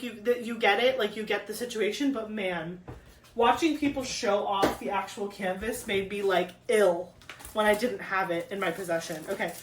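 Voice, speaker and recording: A young woman chatting casually while unboxing craft kits, gushing and excitable, with lots of fillers and gasps. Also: medium pitch, slight background noise. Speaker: crafting vlogger. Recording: echoey room, mic at a distance.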